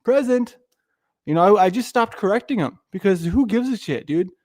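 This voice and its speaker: A man's voice: sits high, animated, a little fast, a little mellow, dry recording, clean studio sound. A man hosting a livestream, rambling through casual commentary with lots of swearing and restarts. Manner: rambling, profane, loses his thread. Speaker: streamer host.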